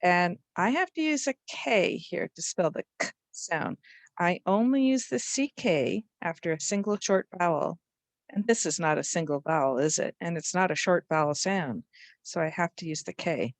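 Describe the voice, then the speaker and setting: A woman's voice: lowish voice, animated, normal speed, dry recording. A woman teaching a spelling lesson to young children, patiently sounding out letters and words.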